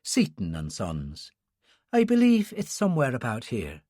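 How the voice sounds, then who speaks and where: A man voicing a woman disguised as a nun, speaking softly and politely in an Irish accent. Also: medium pitch, huge pitch swings, unhurried, dry recording, studio quality. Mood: demure. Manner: soft, polite. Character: young woman assassin disguised as a nun, soft-spoken.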